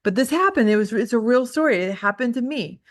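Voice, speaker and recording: A woman's voice: a little high, expressive, fairly quick, dry recording, clean studio sound. A woman real estate trainer giving a casual group coaching talk, telling candid, self-deprecating stories with lots of "like" fillers. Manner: chatty storytelling, heavy use of "like".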